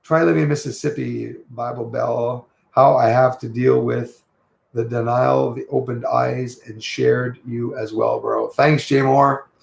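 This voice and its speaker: A man with a Quebec French accent hosts a casual livestream from home, greeting his viewers by name in a rambling, friendly way. His voice sits at an ordinary pitch with a gravelly, fry-edged texture. The room around him rings with a noticeable echo. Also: level tone, measured pace. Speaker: livestream host.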